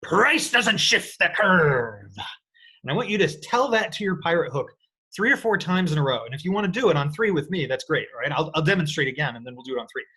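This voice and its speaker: A man teaching an economics lecture in an energetic, playful way, often checking in with his students. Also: fairly high pitch, fast talker, breathy edge. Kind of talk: recorded lecture.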